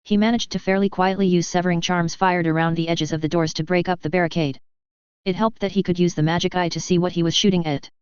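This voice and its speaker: Woman, first-person audiobook narration, wry, very smooth clear voice, dry close mic, dull lo-fi sound. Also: lowish voice, steady tone, fast, darkish tone, no echo. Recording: dull lo-fi recording.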